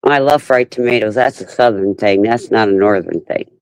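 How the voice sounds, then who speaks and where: A woman's voice: extremely low pitch, normal speed, darkish tone, clear, resonant tone, no echo, rough recording. A woman hosting a casual group chat, teasing her guests and laughing often. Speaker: host of an open chat panel.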